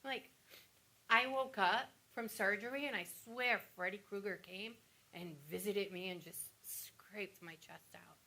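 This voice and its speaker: An actress playing a wounded woman patient on stage who recalls cruel nurses, teary and halting with flashes of wry humor. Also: mid-range voice, sharp tone. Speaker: stage actor playing a breast cancer patient. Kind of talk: theatrical monologue.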